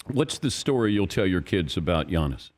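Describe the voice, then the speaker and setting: A man hosting a sports radio talk show, asking brisk, joking questions. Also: deep voice, very animated, darkish tone. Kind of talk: casual radio interview.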